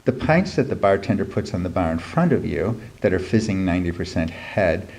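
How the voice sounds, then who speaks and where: A man's voice: low voice, sing-song, fairly quick, darkish tone. A middle-aged man reading his humorous essay aloud at a live reading event, dry and wry, with many ums between phrases. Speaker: writer reading his piece.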